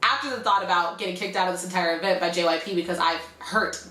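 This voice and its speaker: A young woman vlogger telling a story casually and animatedly, acting out quotes in high squeals. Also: fast, bright, forceful tone. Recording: echoey room.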